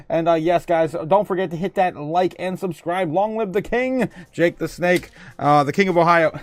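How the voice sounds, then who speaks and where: A man with a fairly high voice hosts a casual livestream, chatting loosely. He laughs often, reads viewer comments aloud and fills his talk with ums and uhs. The sound is dry and close to the mic. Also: moderate pace, no room sound. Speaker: host.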